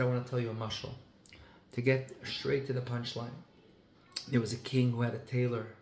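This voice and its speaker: A man in a middle register telling a story with feeling, his voice leaning hard on key words and mixing in Hebrew and Yiddish phrases. The room rings around him with a roomy echo. A faint hum of ambience sits underneath. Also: medium pitch. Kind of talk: heartfelt storytelling talk.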